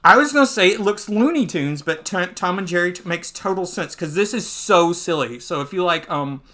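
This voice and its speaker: A man hosting a podcast, recapping a comic in casual chat. He talks in a loose, chatty way, laughs easily and jumps into squeaky voices when he acts out scenes. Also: fairly quick. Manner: animated, jumps into high squeaky voices when acting out lines. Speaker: podcast host.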